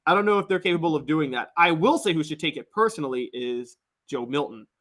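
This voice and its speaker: A man's voice: a little high, expressive, fast, a bit bright. A man co-hosting a casual sports talk show, opinionated and joking as he argues his takes.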